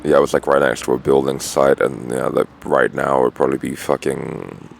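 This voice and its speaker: A man's voice: a bass voice, steady tone, normal speed, vocal fry, slight background noise. A tired, dehydrated man rambling outdoors at a roadside camp, full of fillers and swearing. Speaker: vlogger on a long walk. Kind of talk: rambling casual monologue.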